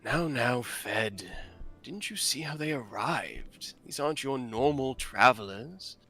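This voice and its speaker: A man voicing a calm, commanding stranger who speaks quietly and slowly in a tabletop game. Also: medium pitch, soft background music, heavily acted. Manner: quiet, slow, hushed.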